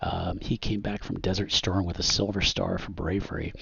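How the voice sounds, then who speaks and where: A man narrating a tabletop game as game master in a relaxed, hesitant way. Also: low voice, normal speed, creaky, slightly rough, dry recording. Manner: relaxed, hesitant with many ums. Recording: dull, dry muffled audio.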